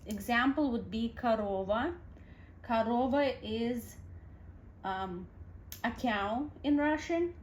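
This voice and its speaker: A woman's voice: a little high, slow pace, long pauses, a little hiss or hum. A woman teaching a language lesson, patiently spelling out sounds letter by letter. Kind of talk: alphabet lesson.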